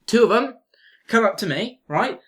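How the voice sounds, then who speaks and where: A young man co-hosting a casual chat, telling a story in an animated way, swearing freely and often checking in with "right?". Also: high-pitched, moderate pace. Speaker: co-host.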